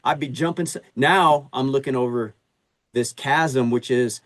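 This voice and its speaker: A middle-aged man in sales, a podcast guest, telling stories in a lively, slangy way in a casual conversation. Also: mid-range voice, unhurried, dry recording. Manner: animated storyteller using slangy street talk.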